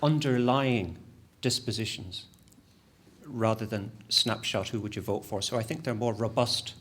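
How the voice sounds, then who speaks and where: A man giving a conference presentation as an academic, lively and self-deprecating, with frequent restarts. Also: fairly low pitch, measured pace, slight background noise.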